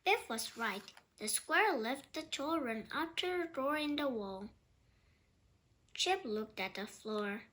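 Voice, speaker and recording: A woman reading a children's storybook aloud, slow, clear and expressive. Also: high-pitched, a little hiss or hum. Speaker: storybook reader.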